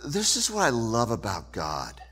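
A man preaches as a pastor and tells his story in an animated way. His voice is bright and forward, and he keeps an unhurried pace. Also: mid-range voice, slightly rough. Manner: animated storytelling, shifting from loud to hushed. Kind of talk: sermon.

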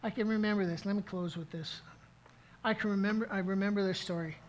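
A man's voice: high voice, steady tone, quick pace, a little hiss or hum, rough recording. A middle-aged man preaching a sermon as pastor, telling a story in an earnest way, with frequent restarts. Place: church service.

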